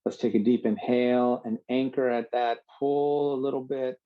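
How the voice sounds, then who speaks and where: Calm man guiding a yoga class. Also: mid-range voice, narrow, tinny audio. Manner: calm, slow, drawn-out cues. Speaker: yoga instructor. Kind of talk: guided yoga instruction.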